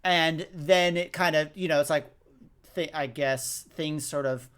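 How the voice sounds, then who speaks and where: Brief: man, podcast co-host, slightly high voice, casual recap, acts out lines. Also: unhurried, clean tone. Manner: animated, acts out movie lines. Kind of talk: casual movie recap chat.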